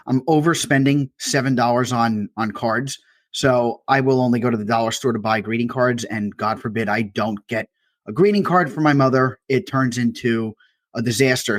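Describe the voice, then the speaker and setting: A man co-hosting a comedy podcast, telling his stories as animated rants and swearing for laughs. His voice is mid-pitched and sits close and dry on the mic, with no room around it. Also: no echo. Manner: ranting storyteller, swears freely. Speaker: podcast co-host. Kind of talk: casual comedic chat.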